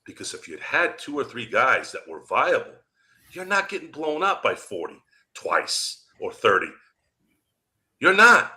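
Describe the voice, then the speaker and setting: A man hosting a sports podcast launches into a heated, combative rant. His voice is very bright and cutting, and it swings widely in pitch as he curses and jabs at critics. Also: sing-song, measured pace. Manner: profane and combative, jabbing at critics. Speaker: podcast host.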